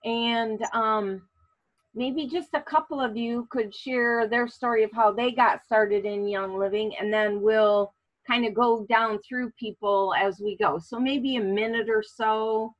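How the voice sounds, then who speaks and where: A woman hosting a casual online class, speaking in a relaxed way with many fillers. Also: fairly high pitch, measured pace, highs cut off. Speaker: class host.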